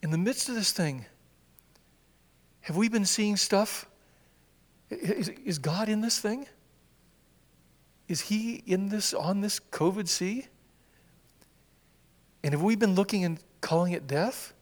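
A man preaching a sermon in a church, acting out scripture quotes with sudden swings from loud cries to hushed whispers. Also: sits high, takes it slowly, pauses often, in a large hall. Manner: animated, acts out quotes with swings from shouts to whispers. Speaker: pastor. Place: church sanctuary.

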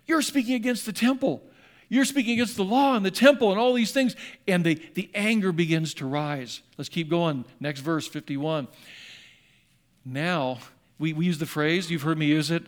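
A man preaching a sermon in a church sanctuary, dramatically acting out scripture voices and swinging between loud and hushed. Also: a little high. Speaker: pastor.

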